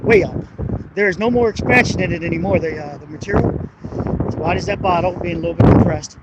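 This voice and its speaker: A man walking a bridge at night with a handheld camera, explaining its engineering in a rambling, hesitant way and swearing when annoyed. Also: high voice. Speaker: construction engineering vlogger. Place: outdoors on a city bridge at night. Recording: noisy outdoor wind and traffic.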